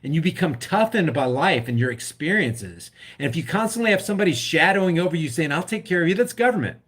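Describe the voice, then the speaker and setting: Fired-up ranting man, high voice. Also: animated, quick pace, a bit bright, slightly rough. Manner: impassioned ranting, acts out scared voices. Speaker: political vlogger reacting to a clip. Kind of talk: live-stream commentary reading comments.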